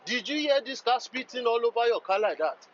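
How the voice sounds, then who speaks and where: A man's voice: very high voice, lively intonation, fairly quick, muffled recording, slight background noise. A man vlogging as he walks around a rainy outdoor car meet, hyped and exclamatory, repeating himself as he points things out. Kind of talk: excitable walkaround vlog.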